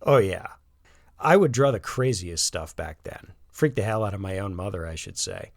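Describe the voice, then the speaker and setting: A man's voice: low voice, expressive, moderate pace, vocal fry, no room sound, clean studio sound, heavily acted. A man voicing a cheerful, teasing suburban father who works in animation. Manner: playful, teasing.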